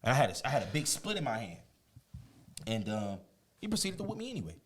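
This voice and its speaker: A man, a guest on an interview show, telling a personal story in a casual, animated way, often laughing and acting out quotes. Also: medium pitch, fast, crowd noise.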